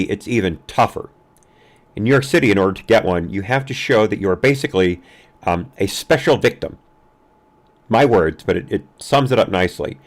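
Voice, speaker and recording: A man hosting a live-streamed news commentary show, talking casually with frequent fillers and restarts. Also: fairly low pitch. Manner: halting, many fillers and restarts.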